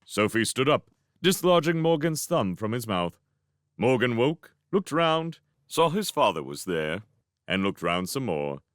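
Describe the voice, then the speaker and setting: A man narrating a fan audiobook reading with expressive storytelling. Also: medium pitch, unhurried, no echo, clean studio sound. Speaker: narrator, book reader.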